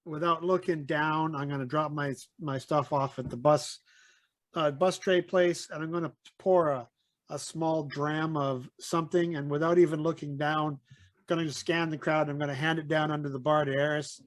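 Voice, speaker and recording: A playful man describes his character's moves in a tabletop game and often circles back mid-sentence. His voice is fairly high for a man and dry, as if right at the mic. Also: fairly even intonation, dry recording. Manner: playful, halting restarts. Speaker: player.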